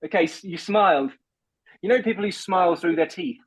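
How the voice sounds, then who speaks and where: A man who is a voice coach, explaining techniques in an animated, instructive way and laughing often. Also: sits high, brisk, husky, no room sound, rough recording. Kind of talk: instructive conversation.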